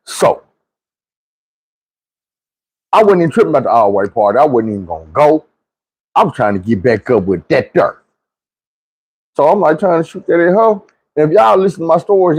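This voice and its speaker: A man tells a comic story from his life in a loose, profane way and acts out each quoted voice. His voice sits a little high and swings widely. It has a husky, slightly rough grain. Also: big pitch swings, brisk, darkish tone. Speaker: storyteller host.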